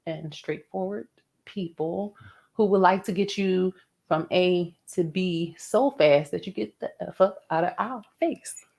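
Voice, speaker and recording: A woman from Philadelphia with a Philadelphia accent, hosting a casual chat and telling animated stories with frequent laughter. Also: lowish voice, a little slow, vocal fry. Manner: animated storyteller, laughs often. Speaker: podcast host.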